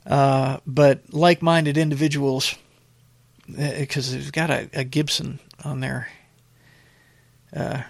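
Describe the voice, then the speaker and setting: Gravelly older man, rambling commentary. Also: on the high side, dry recording. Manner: rambling, halting with many fillers; blunt and opinionated. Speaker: commentary show host. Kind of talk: casual political commentary.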